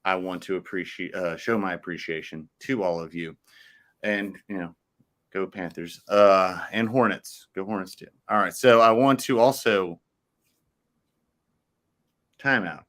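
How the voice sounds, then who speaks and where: A man co-hosting a casual sports podcast, playful and jokey, slipping into quick rhyming riffs. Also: deep voice, fairly bright tone. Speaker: podcast co-host.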